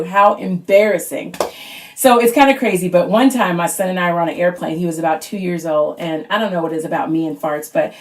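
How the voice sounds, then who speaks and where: A woman in her thirties tells stand-up comedy stories at home in a chatty, animated way. Now and then she jumps into a squeaky kid voice for her children's lines. Her voice sits in a middle pitch. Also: brisk. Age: 30s. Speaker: stand-up comic auditioning.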